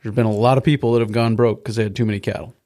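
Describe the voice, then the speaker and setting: A man's voice: mid-range voice, steady tone, racing, mellow. A man hosting a podcast interview in an easygoing, folksy way, laughing often. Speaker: podcast host.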